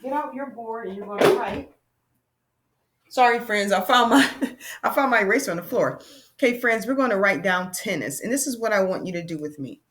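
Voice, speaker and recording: A woman teacher giving a lesson to young learners, patient and encouraging, calling them friends and slowing down to spell out sounds. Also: mid-range voice, lively intonation, a bit bright.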